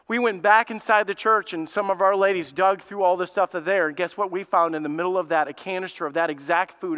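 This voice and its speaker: A man preaching a sermon as pastor, telling a story in a lively, conversational way. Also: high-pitched, clear, resonant tone. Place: church sanctuary. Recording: long hall reverb.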